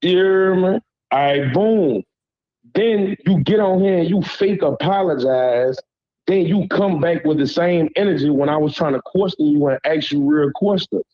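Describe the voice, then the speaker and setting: A man with a Southern drawl, originally from Louisiana, calls into a live panel and vents in blunt slang, pausing again and again to ask whether he's being heard. His voice sits fairly high for a man. The call comes through muffled and lo-fi. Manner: heated, repeats "you hear me", blunt slang. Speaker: caller on a panel. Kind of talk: heated call-in rant.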